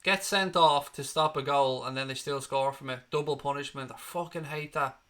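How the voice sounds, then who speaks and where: This man hosts a football fan channel's live watchalong, guiding viewers through the game with blunt reactions and plenty of swearing. He talks at a moderate pace in a mid-range voice that comes across bright and forceful.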